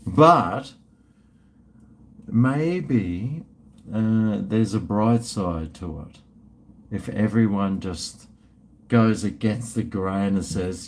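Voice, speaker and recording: A man's voice: lowish voice, slow pace, slight background noise. A middle-aged man, hosting a casual livestream and reading super chats. He rambles, mumbles, trails off and swears often, drinking while streaming. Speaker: livestream host.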